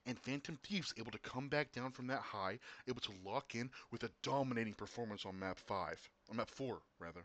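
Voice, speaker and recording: A man casting an esports match, excitable, often repeating and restarting words, his voice getting worn. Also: mid-range voice, brisk, few pauses. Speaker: esports caster. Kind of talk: casual esports commentary.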